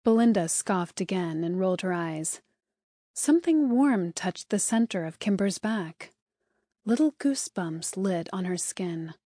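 A woman reads an audiobook in a smooth, even storytelling voice at a middle pitch. She is recorded close on a studio mic with a dry, dead sound and no room echo. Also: unhurried. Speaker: audiobook narrator. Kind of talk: scripted audiobook narration.

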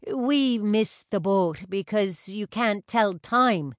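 A woman's voice: mid-range voice, takes it slowly, no room sound, clean studio sound, pitched above the performer's own voice, natural voice. A woman reading an audiobook and voicing a prickly young male dancer with a curt, defensive manner.

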